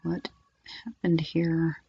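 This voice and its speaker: Woman tutorial host, low voice, chatty and loose, muffled lo-fi sound. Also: completely flat delivery, slow, vocal fry, warm tone, husky. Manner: chatty, many ums and restarts. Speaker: software reviewer and channel host. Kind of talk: casual screen-recording walkthrough.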